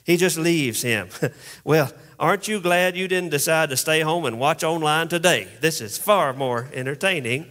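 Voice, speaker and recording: A man, a pastor, preaching a conversational sermon with humorous asides, speeding up for jokes and slowing for emphasis. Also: fairly high pitch, fairly bright tone. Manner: conversational, humorous storytelling, pace shifting from quick asides to slow emphasis.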